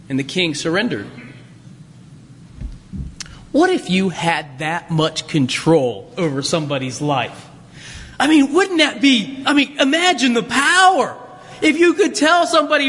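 High bright-voiced man telling a story. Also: lively intonation, moderate pace, long reverb tail. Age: adult, worked a job at seventeen years ago. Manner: conversational with frequent restarts. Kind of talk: storytelling illustration in a talk.

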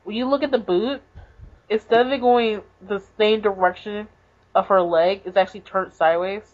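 A woman's voice: mid-range voice, steady tone, normal speed. Rambling woman on a dull lo-fi podcast. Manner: rambling, filler-heavy, with lots of "like" and "basically". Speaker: podcast co-host. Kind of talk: casual chat recapping a manga.

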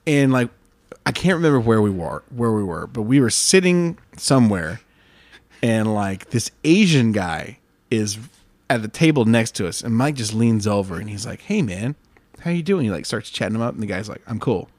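A man's voice: lowish voice, normal speed, dry recording. A man co-hosting a podcast, telling funny stories with lots of laughter and acted-out voices of the people in them. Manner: animated storyteller, acts out voices, laughs often. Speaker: podcast co-host. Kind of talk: casual storytelling chat.

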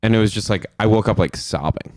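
A male podcast host talks casually, trading teases and candid remarks with his guest. His voice is fairly low and recorded dry and close. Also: fast, darkish tone, no echo.

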